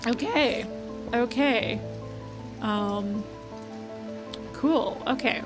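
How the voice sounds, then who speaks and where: A woman's voice: a little high, drawn-out words. A young woman streaming a puzzle game, chatting and thinking aloud, reading game text aloud and correcting herself as she goes. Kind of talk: game let's play commentary. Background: background game music.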